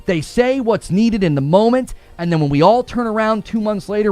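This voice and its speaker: A man's voice: sits high, normal speed, hardly any pauses, a little mellow, soft background music. A man hosting a gaming commentary show, ranting in a heated, indignant and sarcastic way.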